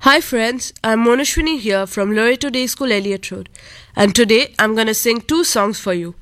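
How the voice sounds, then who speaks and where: A woman's voice: fairly high pitch, moderate pace, a bit bright, no room sound. Teen schoolgirl introducing her songs. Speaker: school student performer. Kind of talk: casual introduction.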